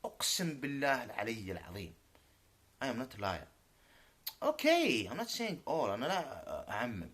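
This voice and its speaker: A native Arabic speaker, a man, rants into the camera with an indignant edge. His pitch leaps and dips widely as he swears to his honesty. He slips between English and Arabic phrases. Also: wildly swooping pitch, rapid-fire, fairly bright tone, slightly rough. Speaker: YouTuber. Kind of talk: unscripted vlog rant.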